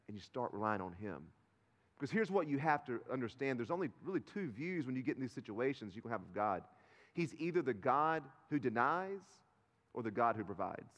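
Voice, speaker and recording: Pastor preaching in a reverberant church. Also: male voice, a little high. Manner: storytelling, conversational with the congregation. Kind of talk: sermon. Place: large church sanctuary. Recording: live sermon in a reverberant sanctuary.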